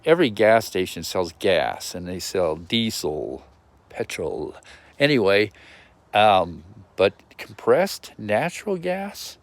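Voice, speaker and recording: A vlogger records a casual video message outdoors in a yard on a handheld phone, his fairly low voice carrying no echo. He meanders between thoughts, interrupting himself with many ums and restarts.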